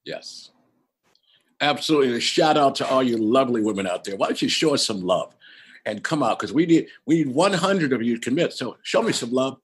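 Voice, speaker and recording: A man's voice: mid-range voice, lively intonation, brisk, breathy edge. A man co-hosting an online conference in casual chat, eager and encouraging, affirming what the host says.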